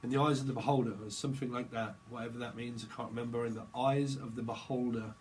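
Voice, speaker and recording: A man's voice: medium pitch, steady tone, fast, a little mellow, a little hiss or hum, low-quality recording. A man giving a rambling tarot reading, free-associating from word to word. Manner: rambling, free-associating, breaks into laughter and voices. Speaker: tarot reader.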